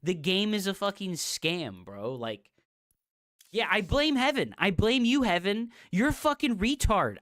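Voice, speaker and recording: A woman's voice: mid-range voice, sing-song, a little slow, fairly bright tone, no echo, studio quality. A woman game streamer on a livestream, ranting in a profane, exasperated, mocking way and repeating her jabs. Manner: mocking, repetitive. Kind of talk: livestream rant.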